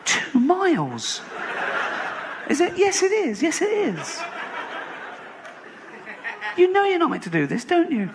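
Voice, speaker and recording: Squeaky scolder, played by a male comedian, gravelly and swooping, over a noisy live room. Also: huge pitch swings, slow, long pauses, heavily acted. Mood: scolding.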